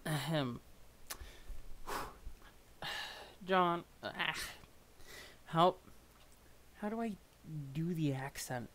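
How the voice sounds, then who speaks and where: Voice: mid-range voice, slight background noise. A streamer chatting casually and rambling while reading through a webcomic on a live stream. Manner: rambling, self-deprecating, chatty.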